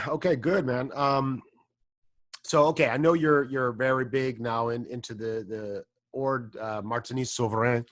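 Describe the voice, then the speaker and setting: American man, podcast host, loose and rambling, dry close sound, average pitch. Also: unhurried, no echo. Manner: relaxed, rambling, frequent ums and throat clearing. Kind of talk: casual conversational interview.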